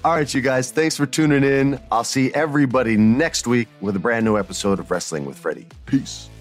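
A man's voice: medium pitch, a little fast, faint music behind. A man hosting a podcast, telling stories in a candid, emphatic, motivational way. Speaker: podcast host. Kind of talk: casual storytelling podcast.

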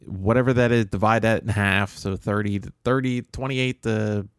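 A male podcast co-host rambles wryly and self-mockingly through sports betting picks and show plugs while losing his voice. His voice is lowish, clear and resonant, with a steady tone at normal speed in studio-quality audio without echo.

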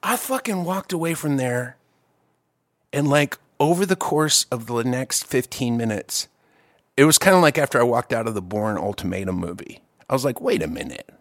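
A man telling a long story in casual chat, profane and animated, with quick asides and restarts. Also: mid-range voice, no room sound.

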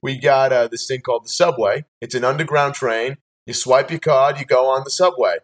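A man's voice: medium pitch, fairly even intonation, normal speed, natural voice. A man improvising a boastful, rambling apple who embodies New York City in a comedy sketch. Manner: boastful, rambling, good-natured. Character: the Big Apple, a brash New York apple, male. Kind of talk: improvised comedy role-play.

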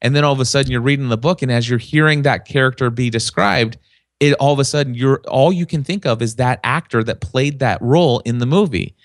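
A man talks in a lively, story-driven way, slipping into other people's voices as he makes his points. His voice sits in a middling register. The sound is dry and close, with no room around it. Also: medium pitch, fairly quick, dry recording. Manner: animated storyteller, acts out quoted voices. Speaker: podcast guest, podcasting consultant. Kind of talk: casual podcast conversation.

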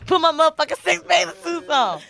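A woman's voice: animated, quick pace, creaky, full character voice. Woman mimicking a shrieking brash young woman. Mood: brash, shouting. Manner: shouty, high and squealing. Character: loud brash young woman friend, bossy.

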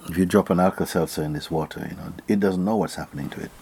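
A man from Jamaica giving a casual spiritual talk, animated and often laughing, sometimes sinking to a near whisper. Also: low-pitched, racing, slight background noise.

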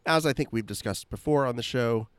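A man's voice: mid-range voice, fairly quick, clean tone, dry recording. A man co-hosting a podcast, chatting casually with dry, sarcastic asides. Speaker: podcast co-host. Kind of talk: casual chat.

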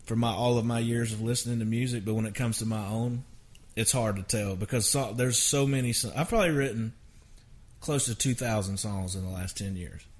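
A songwriter guest on a casual storytelling interview, this man has a lowish voice and a brisk pace. He rambles through his stories, interrupting himself and chuckling often.

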